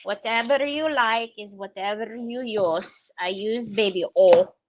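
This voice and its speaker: A woman hosting a casual crafting livestream, chatty and excitable, thinking aloud as she works and tossing in playful made-up phrases. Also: medium pitch, a little slow, slight background noise.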